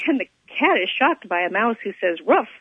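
A woman co-hosting a radio show, telling a teaching story and reflecting on it, with a husky voice and a habit of repeating phrases for emphasis. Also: medium pitch, sing-song, brisk, no room sound. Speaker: co-host and spiritual teacher. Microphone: telephone. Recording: tinny phone line, dry.

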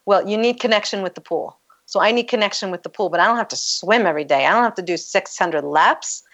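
A woman coach explaining her methods in a relaxed, conversational way, laughing often. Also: medium pitch, fast talker, muffled recording. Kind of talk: casual conversation.

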